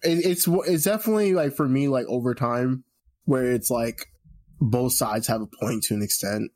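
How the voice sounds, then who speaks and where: A man chatting on a podcast, drifting through his thoughts with plenty of filler words. His voice is mid-pitched and relaxed. He sounds like someone talking with a friend. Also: moderate pace. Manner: loose, filler-heavy talk with frequent "like". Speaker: podcast co-host. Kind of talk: casual chat.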